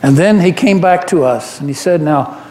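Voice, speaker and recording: A man's voice: a little high, moderate pace, natural voice. A man playing the apostle Peter, an earnest, devoted fisherman telling his memories in a first-person monologue during a church service. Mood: reverent. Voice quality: earnest, animated storyteller with frequent restarts. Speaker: church member giving a dramatic monologue. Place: church sanctuary. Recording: roomy church echo.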